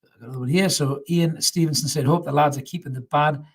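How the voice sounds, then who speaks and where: A man's voice: fairly high pitch, fairly even intonation, quick pace, vocal fry, husky. A middle-aged man hosting a fan live stream, casually reading out chat comments, swearing freely and repeating himself for emphasis.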